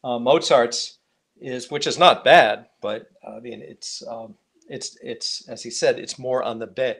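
A man's voice: medium pitch, a little slow, creaky, a bit bright. Hesitant male music teacher. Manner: hesitant, gropes for words, many restarts. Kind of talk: live online class.

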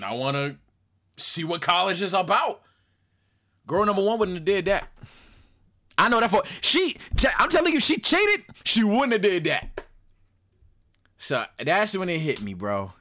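A young man telling a high school story in a casual, animated monologue, swearing freely and talking straight to his chat. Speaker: storytelling streamer.

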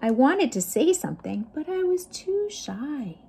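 A woman's voice: big pitch swings, a little slow, vocal fry, mellow. A woman librarian reading picture books aloud to children, chatting with them playfully and voicing the sound effects. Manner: playful, chats with young listeners; voices sound effects with big pitch jumps. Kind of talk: children's storytime read-aloud.

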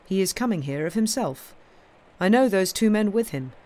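A woman reading aloud, voicing a small, quiet priest with a calm, colourless voice. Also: medium pitch, moderate pace, voice pushed up, lightly acted.

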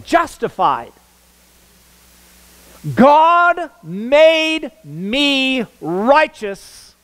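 A man's voice: very high-pitched, low-quality recording. A man preaching a sermon as pastor, emphatic, repeating words for stress and asking the congregation questions. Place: church sanctuary.

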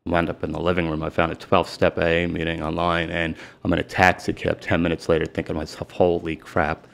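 A middle-aged man, a sports agent telling his story candidly in an interview, emphatic and retelling dialogue in rapid bursts. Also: sits low, vocal fry. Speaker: guest, sports and celebrity agent.

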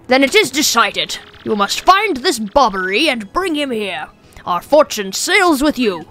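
A woman's voice: fairly high pitch, big pitch swings, measured pace, sharp tone, soft background music, full character voice. A woman voicing a pompous, theatrical male ship owner in a video game playthrough with grand, formal phrasing. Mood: grandiose.

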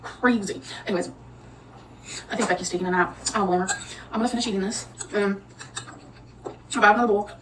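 A woman's voice: mid-range voice, fairly even intonation, a little fast, long pauses, distant mic. Chatty woman vlogging from off-mic. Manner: chatty, rambling, talks to viewers. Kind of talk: casual cooking mukbang vlog. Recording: noisy audio from off-mic.

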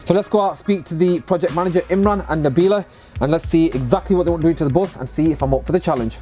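A man's voice: a little high, racing, music in the background. A man talking casually to camera in a vlog, upbeat and chatty, outdoors beside a bus. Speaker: vlogger and bus converter.

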